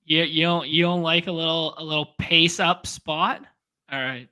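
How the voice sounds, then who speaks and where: Eager man with a bright, tense voice. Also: a little high, fairly even intonation, smooth. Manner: eager, quick, thinks aloud. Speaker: fantasy sports podcast host. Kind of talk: casual chat.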